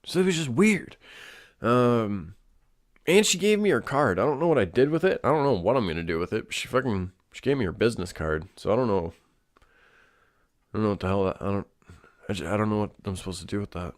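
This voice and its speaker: A man's voice: lowish voice, animated, brisk. A young man hosting a casual solo show, rambling with lots of fillers and swearing. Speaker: podcast host.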